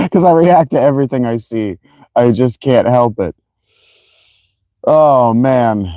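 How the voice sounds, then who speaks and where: Hoarse, laughing man streaming outdoors. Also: mid-range voice, takes it slowly, no room sound. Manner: laughs often, swears, excitable. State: strained, worn voice. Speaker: livestreamer. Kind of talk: casual livestream chat. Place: outdoors by a fountain.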